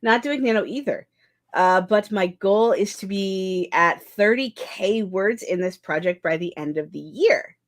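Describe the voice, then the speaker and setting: A woman's voice: mid-range voice, measured pace. A young woman chatting casually on a writing livestream, reading chat aloud and often restarting her sentences. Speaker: streamer hosting a writing session.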